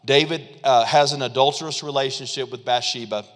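A man preaching a sermon as pastor, animated and acting out quotes with frequent chuckles. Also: mid-range voice, fairly quick. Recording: long hall reverb.

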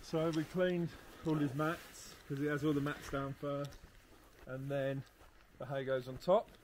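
A man's voice: on the high side, level tone, measured pace, darkish tone, slight background noise. A young man from England with an English accent, talking casually and laughing often as he speaks straight to his viewers. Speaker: travel vlogger. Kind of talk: casual vlog chat.

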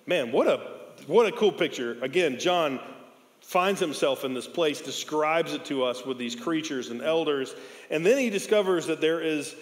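A man preaching a sermon in an earnest, conversational way, dropping to a hushed, slow voice at emotional points. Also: fairly high pitch, expressive. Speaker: pastor. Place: church sanctuary. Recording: long hall reverb in a church.

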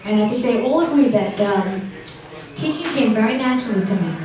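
Middle-aged woman stand-up, deadpan, slightly high voice, heard from afar in a roomy club. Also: fairly quick. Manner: dry, deadpan delivery of dark jokes with audience banter. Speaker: stand-up comedian. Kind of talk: stand-up comedy set. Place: comedy club stage. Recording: echoey club room from far off, noisy.

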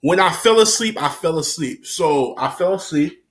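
A man's voice: fairly high pitch, normal speed. A man telling a story to camera in a casual, rambling way, repeating himself, using lots of slang and laughing often. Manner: slangy and animated.

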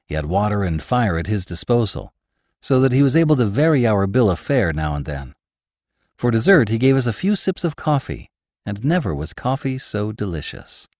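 A man hosting a podcast, reading a classic novel aloud in a measured, expressive way. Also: fairly low pitch, no echo, studio quality. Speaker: host and narrator. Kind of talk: audiobook narration of a classic novel.

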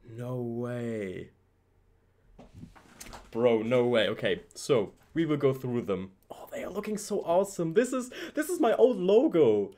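A young man, excitedly unboxing fan mail at his home PC setup and gushing about every item. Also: mid-range voice. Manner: excitable, gushing, says "bro" often. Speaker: YouTuber.

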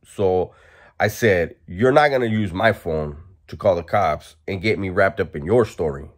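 A man's voice: low-pitched, moderate pace. Laid-back man telling a story. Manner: laid-back, profane, laughs while telling. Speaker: storyteller vlogger. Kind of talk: casual storytelling.

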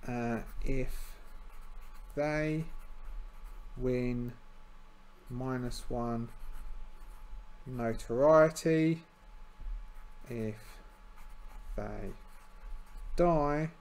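Tired guy slowly talking through his solo rpg, lots of uhs and restarts. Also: mid-range voice, a little mellow. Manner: hesitant, full of fillers and restarts. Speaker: solo tabletop game player.

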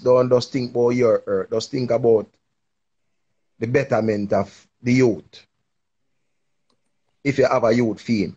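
A man's voice: fairly low pitch, a little mellow, slightly rough, highs cut off. A man, hosting a casual advice chat and encouraging a listener in a preachy tone. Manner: preachy, encouraging, patois-heavy. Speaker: live stream host giving advice.

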